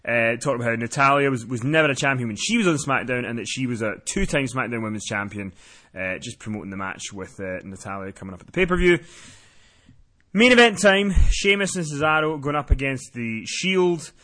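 A man hosting a casual wrestling podcast, running through the week's show in a quick, rambling way with fillers and casual swearing. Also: mid-range voice, animated, bright, forceful tone. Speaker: podcast host.

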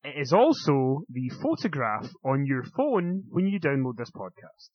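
A man's voice: medium pitch, big pitch swings, normal speed, no room sound, lo-fi sound. A man co-hosting a wrestling podcast in casual chat, with a dry, teasing manner. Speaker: podcast co-host.

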